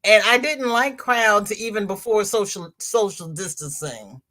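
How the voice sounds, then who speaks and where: Slow easygoing lady rambling on a crochet livestream, reading chat out loud. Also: medium pitch. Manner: chatty, rambling, laughs often, reads comments aloud. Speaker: crochet channel host reading live chat.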